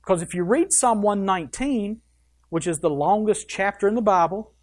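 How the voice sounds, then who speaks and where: An emphatic preacher working through scripture, reading the verses aloud and then pressing the point home. The delivery is punchy, with quick offhand asides that break into the reading. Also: mid-range voice, a little mellow. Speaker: pastor. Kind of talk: sermon.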